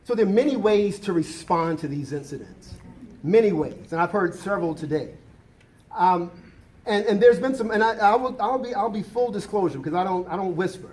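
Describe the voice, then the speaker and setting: Emphatic man with a high voice. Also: lively intonation, moderate pace, darkish tone. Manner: emphatic, repeats key points, restarts often. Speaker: college diversity administrator. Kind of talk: impassioned remarks at a campus forum.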